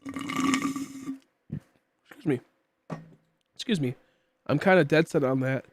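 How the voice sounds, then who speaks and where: A man in his late twenties, fairly high-pitched and brisk, casually rambles with many fillers while streaming a game. His throat is tickly, causing the odd cough.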